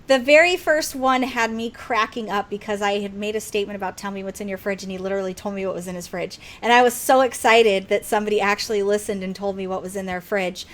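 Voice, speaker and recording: A young woman hosting a casual gaming podcast, chatty and quick to laugh as she reads listener mail. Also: mid-range voice. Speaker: podcast host.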